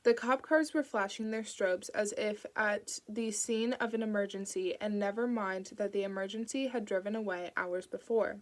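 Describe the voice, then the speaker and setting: Woman reading a novel aloud. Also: medium pitch. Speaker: audiobook reader. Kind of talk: audiobook narration.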